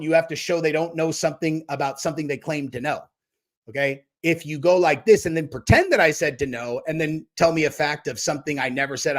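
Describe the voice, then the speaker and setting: A man hosting a livestream, ranting and mocking chat commenters with a lot of swearing. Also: on the high side. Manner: profane, mocking, talks back to chat. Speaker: livestream host. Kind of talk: casual livestream rant.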